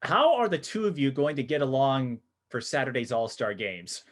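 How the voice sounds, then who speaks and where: A man's voice: mid-range voice, animated, moderate pace. A middle-aged man interviewing young athletes in a casual, teasing way, laughing often. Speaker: sportscaster and interviewer. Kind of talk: casual video-call interview.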